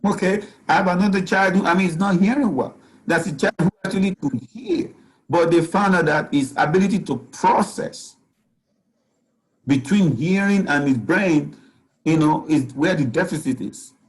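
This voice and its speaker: A man's voice: fairly high pitch, moderate pace, poor audio. A man, a physician speaking as guest at a parenting talk, giving earnest advice and often saying "you know.". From Nigeria.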